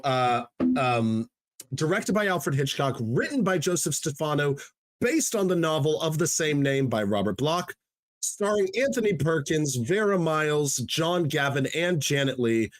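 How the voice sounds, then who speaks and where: A man's voice: mid-range voice, no room sound. Dry-voiced Australian man, podcast co-host. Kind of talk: casual podcast chat.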